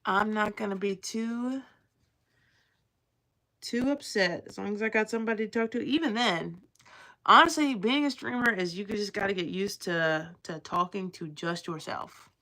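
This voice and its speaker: A young woman with a Southern drawl chats loosely to her livestream viewers, rambling and playful. Her voice is bright and forward, with a gravelly, fried edge at the ends of phrases, at a middling pitch. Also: normal speed. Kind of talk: casual chat with live chat.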